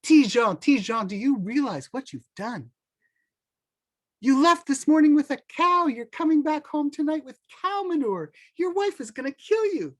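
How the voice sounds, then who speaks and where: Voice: mid-range voice, sing-song, fairly quick. A scheming market merchant , as voiced by a storyteller, talks in a coaxing, wheedling way. His voice swings up and down as he presses his point.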